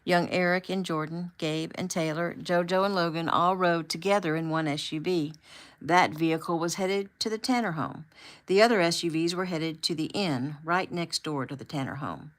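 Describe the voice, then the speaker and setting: Woman reading an audiobook, lowish voice. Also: moderate pace. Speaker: author and audiobook reader. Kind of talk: audiobook narration.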